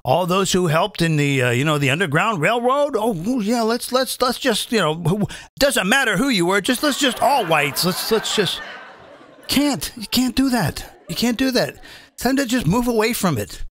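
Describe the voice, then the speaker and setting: Brief: comedian host in his fifties, lively swinging pitch, bright tone, rambling live rant. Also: normal speed. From British American. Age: 50s. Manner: rambling, repeats phrases, stumbles and restarts.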